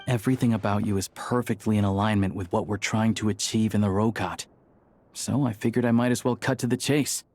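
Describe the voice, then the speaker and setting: A man's voice: fairly low pitch, fairly even intonation, brisk, darkish tone. An actor playing a friendly young male theater worker in a video game, easygoing and persuasive.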